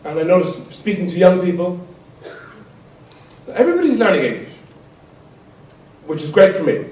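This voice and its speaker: A middle-aged comedian rambles wryly through a stand-up set, his fairly high voice breaking into loud bursts now and then. He sounds roomy and a bit distant, picked up across a big hall with noise behind him. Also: sing-song, normal speed. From Ireland. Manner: rambling, wry, with sudden loud outbursts. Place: large concert hall before an audience.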